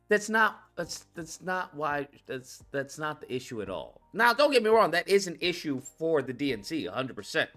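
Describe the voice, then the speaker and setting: A man hosting his own call-in stream, talking politics in a blunt, exasperated rant full of swearing. His voice is bright and forward, and his pitch leaps all over the place as he goes. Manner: profane, blunt, exasperated ranting. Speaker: host of a call-in commentary stream. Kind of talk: casual political commentary.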